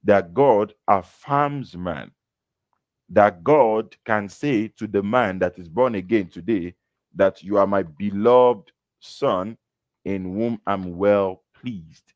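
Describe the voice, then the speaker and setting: A man with a fairly low voice preaches a sermon, slowing down to stress key phrases as he reads and explains scripture. The recording is dry and close, with no room sound. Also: no echo, dull audio. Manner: slow, emphatic reading of verses with explanations.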